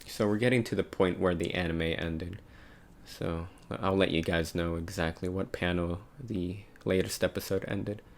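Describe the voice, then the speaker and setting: A man's voice: low voice, fairly even intonation, moderate pace. A man casually reading a comic aloud and musing over it, with light voices for the quotes. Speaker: manga reader and commentator. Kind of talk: casual read-along commentary.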